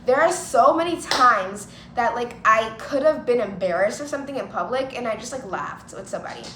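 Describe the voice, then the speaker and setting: A young woman with a fairly high voice tells stories to the camera in a loose, chatty way, dropping "like" into nearly every line. Her voice rings around an echoey room with steady background noise underneath. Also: brisk. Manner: chatty, lots of "like", acts out quoted voices. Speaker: vlogger. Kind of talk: casual storytelling to camera.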